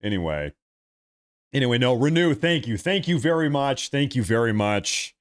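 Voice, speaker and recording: A man's voice: mid-range voice, big pitch swings, moderate pace. A man streaming live commentary over a video feed, talking in a mocking, sarcastic way.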